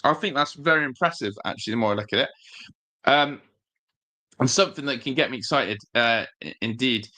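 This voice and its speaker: Bright-voiced chatty man. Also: mid-range voice, fairly quick. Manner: chatty, rambling, reads viewer chat aloud. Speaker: football fan channel host. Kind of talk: live-stream casual chat.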